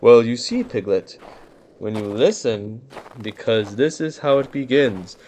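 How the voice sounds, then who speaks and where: A man's voice: mid-range voice, lively intonation, measured pace, darkish tone, close to an everyday voice. Cheerful muddly teddy bear, man doing the voice, hums and sings little songs, slight hiss behind. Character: gentle simple-minded male bear cub.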